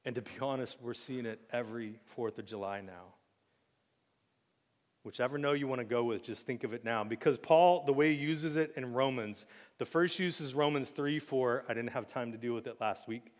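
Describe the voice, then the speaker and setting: A man preaching a sermon in a casual, joking way, with sudden loud acted outbursts. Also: mid-range voice, normal speed, in a large hall. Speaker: pastor. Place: church sanctuary.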